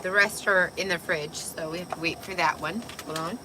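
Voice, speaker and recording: A young woman with a raspy voice, tipsy and chatting casually on a livestream, loose, giggly and swearing. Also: on the low side, fairly even intonation, normal speed, noisy background. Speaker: vlogger.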